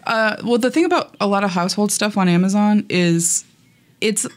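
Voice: medium pitch, normal speed. A casual podcast co-host chatting through gaming news, with frequent ums and casual swearing.

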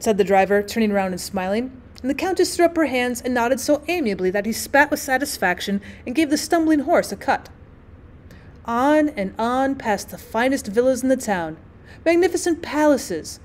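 A slightly high-voiced woman reads a classic short story aloud for her students. She voices the dialogue expressively, with an occasional slip and restart. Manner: expressive, voices the dialogue with small pitch shifts. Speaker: teacher reading aloud.

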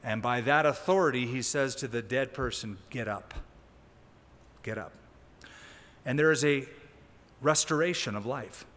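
A man preaching a sermon as a pastor, teaching in a conversational way with lively emphasis. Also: mid-range voice, normal speed, big-room sound. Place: church sanctuary.

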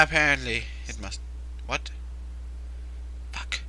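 A man's voice: fairly high pitch, animated, a little slow, sharp tone, dry recording, low-quality recording. A man hosting a let's play, joking, swearing and jumping at scares as he talks to the screen. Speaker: gaming video host.

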